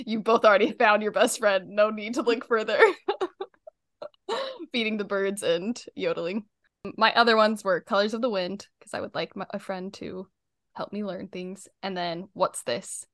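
A young woman co-hosting a casual chat, enthusiastic and quick to laugh. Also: mid-range voice, fairly bright tone, no room sound, studio quality. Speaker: podcast co-host.

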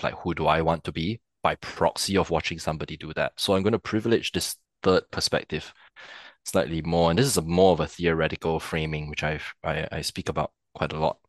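Low-voiced man thinking aloud. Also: no echo. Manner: thinks aloud, frequent checking "right?". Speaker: podcast guest, theatre practitioner. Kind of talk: reflective conversational explanation.

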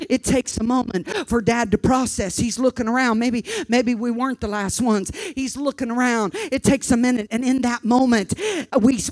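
A woman preacher telling a personal story in a sermon, impassioned, moving from hushed narration to shouting and often repeating words. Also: a little high, no echo. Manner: repeats words when stirred.

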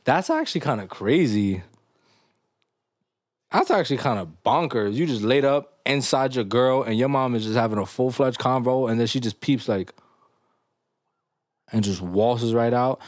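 A young man hosting a podcast, telling stories in a loose, animated way full of slang and laughs. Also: medium pitch, moderate pace, no echo, clean studio sound. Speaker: podcast host. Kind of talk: casual podcast chat.

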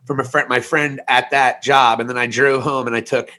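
Bright-voiced man in his forties, rambling. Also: medium pitch, level tone, normal speed. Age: 40s. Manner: rambling, candid storytelling with self-mocking jokes. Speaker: podcast co-host. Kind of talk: casual podcast chat.

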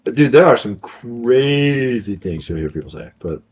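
A man's voice: medium pitch, animated, measured pace, darkish tone, husky, dull audio. A young man chatting casually as podcast co-host, laughing often and trailing off mid-sentence. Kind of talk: casual chat.

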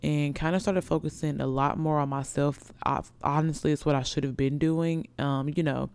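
Chatty young woman with a smooth voice. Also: sits low, moderate pace, no echo. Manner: chatty, slangy, excitable. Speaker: vlogger. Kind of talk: casual storytelling to viewers.

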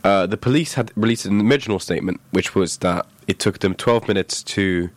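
Low-voiced male podcast host, casual and rambling, stops and restarts his sentences. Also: fairly quick, no echo. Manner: chatty, self-interrupting, jokey. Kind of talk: casual chat and news segment. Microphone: throat-worn mic.

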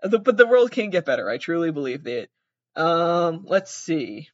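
A young adult comedian vlogger rambles casually, swearing freely and giggling often, at a moderate pace with big pitch swings in a medium-pitched voice. There's no external mic, just the built-in device mic, giving a dry, dull, lo-fi sound with no echo.

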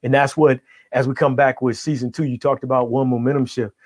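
A middle-aged man speaks as a guest life coach, full of motivational energy. He punctuates nearly every point with "right?". His voice sits at an ordinary pitch and sounds dry and close. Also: little pitch movement, brisk, no room sound. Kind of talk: motivational conversation.

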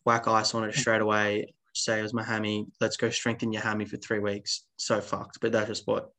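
A man's voice: on the low side, monotone, normal speed, sharp tone. A man hosting a casual podcast chat, agreeing with his guest and swearing casually. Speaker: podcast host.

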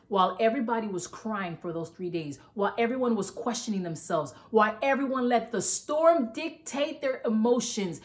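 A woman pastor preaches with fervent, repetitive emphasis, pressing her listeners again and again to listen. Her voice sits a little on the high side. She gets so carried away that she runs short of breath. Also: lively intonation, moderate pace, few pauses. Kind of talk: sermon.

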